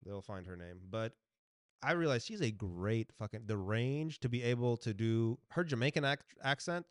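A man co-hosting a casual podcast chat, blunt and profane, swinging from loud outbursts to mumbled asides. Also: mid-range voice, expressive, normal speed, clear, resonant tone, dry recording, clean studio sound. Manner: blunt, swears freely, jumps between loud bursts and mumbled asides. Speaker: podcast co-host.

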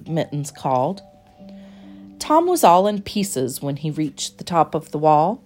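A woman reading a children's storybook aloud in a gentle, expressive, measured way. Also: low-pitched, soft background music.

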